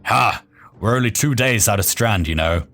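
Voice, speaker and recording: A man voicing a jovial, hearty male caravan leader in a game, speaking slowly and cheerfully. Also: lowish voice, animated, a bit bright, faint music behind.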